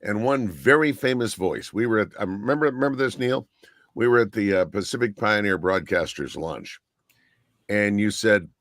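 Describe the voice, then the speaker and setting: A man's voice: lowish voice, moderate pace, a bit bright, no echo, clean studio sound. An older man, a radio broadcaster guest, chatting eagerly and rambling with many fillers. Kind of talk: casual interview chat.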